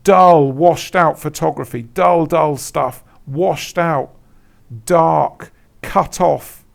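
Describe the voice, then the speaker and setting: Very slow and creaky, with a fairly high pitch, this man works as an Etsy consultant. He guides viewers through a screen-share tutorial bluntly and emphatically, repeating himself and laughing at the bad examples he shows.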